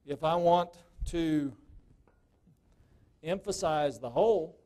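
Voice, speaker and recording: A man leads a hands-on woodturning demonstration at a club meeting. His voice sits a little high, and he talks in a loose, folksy way. He checks in with the room by asking "okay?" again and again. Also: slow, dark tone. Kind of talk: live workshop demonstration to a club.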